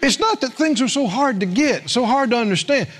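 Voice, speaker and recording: A middle-aged preacher with a drawl delivers a sermon in a very high voice. His pitch swings widely as he tells stories and puts questions to the congregation. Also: brisk, breathy edge. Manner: animated storytelling preacher, asks the congregation questions. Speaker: pastor.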